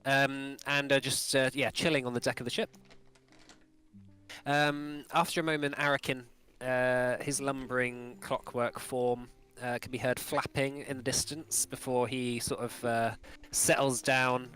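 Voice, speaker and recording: A man's voice: medium pitch, little pitch movement, unhurried, a bit bright, faint music behind. A man running a tabletop game as game master, narrating with many fillers and restarts.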